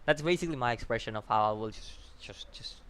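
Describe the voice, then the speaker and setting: An anime reviewer and channel host speaks in a mid-range, fairly bright, clean voice at a fast pace. Hosting a casual video review, he rambles, laughs often, and swears as he restarts his sentences.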